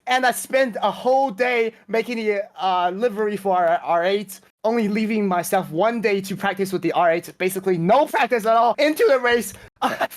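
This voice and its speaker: A man's voice: sits high, normal speed, hardly any pauses. Rambling man on a casual podcast. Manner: rambling, self-correcting, laughs at himself. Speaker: vtuber racing club member.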